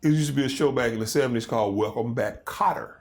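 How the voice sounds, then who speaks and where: A man in his fifties chats casually as an interview guest, spinning stories in an animated, loose way. His voice sits at an ordinary middle pitch for a man. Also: quick pace. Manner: animated storytelling, loose and conversational. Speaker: comedian and guest.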